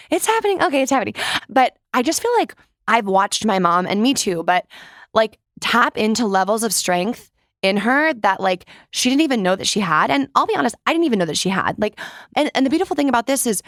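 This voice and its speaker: A woman's voice: medium pitch, no echo. Candid young woman podcast host, dry sound. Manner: candid, chatty, fillers of "like", casual swearing. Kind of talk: casual solo monologue.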